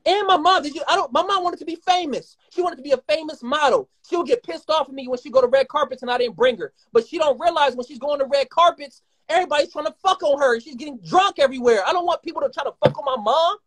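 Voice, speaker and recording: A man in his twenties talking heatedly and rapidly as a guest in a live conversation, swearing often and rambling. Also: very high-pitched, fairly bright tone. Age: 20s. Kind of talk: emotional live-stream conversation.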